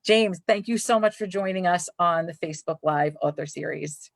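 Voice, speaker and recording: A woman's voice: on the low side, moderate pace, vocal fry, no echo. Librarian lady hosting a live author chat, gushing, dry close sound. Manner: bubbly, effusive welcome. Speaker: librarian and host. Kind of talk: live-streamed author interview.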